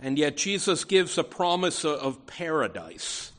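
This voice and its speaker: Male pastor, sermon delivery, unhurried and emphatic, slightly raised voice. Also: on the high side, very animated, a bit bright. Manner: earnest, emphatic, with frequent restarts and "you know". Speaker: preacher.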